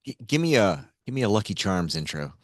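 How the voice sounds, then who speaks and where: A man's voice: fairly low pitch, sing-song, brisk, no room sound. A man co-hosting a podcast, dropping wry, laid-back quips in casual chat. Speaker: podcast co-host.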